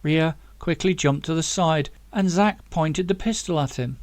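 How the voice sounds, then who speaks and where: A man reading his own novel aloud in steady, dramatic audiobook narration. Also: fairly high pitch, measured pace, few pauses, dry recording.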